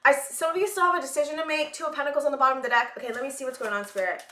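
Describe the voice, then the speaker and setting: A woman's voice: sits high, steady tone, very fast, fairly bright tone, echoey room. A woman giving a rambling collective tarot reading, searching for words and short of breath. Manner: rambling, searching for words, many fillers and sighs. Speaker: tarot reader.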